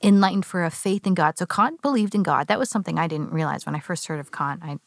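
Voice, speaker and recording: A woman's voice: lowish voice, fast, creaky, dry recording. A woman co-hosting a podcast, talking through ideas in a thoughtful, rambling way with many "like" fillers, into a studio microphone. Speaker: podcast co-host. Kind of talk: casual podcast discussion.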